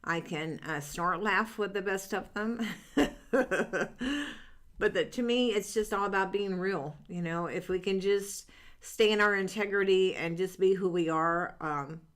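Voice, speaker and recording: A woman's voice: medium pitch, normal speed, fairly bright tone. A middle-aged woman talking through a live stream reading session, earnest and upbeat, rambling with plenty of fillers and restarts. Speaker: psychic reader hosting a live stream. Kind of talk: casual live-stream chat.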